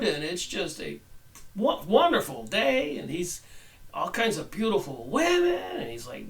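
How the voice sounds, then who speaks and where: Guy reading a book out loud and chatting his own take, slightly high voice, sits back from the mic. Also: huge pitch swings, a little slow, recorded from a distance, poor audio. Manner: conversational, rambling asides. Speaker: channel host reviewing a book. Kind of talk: reading aloud with commentary.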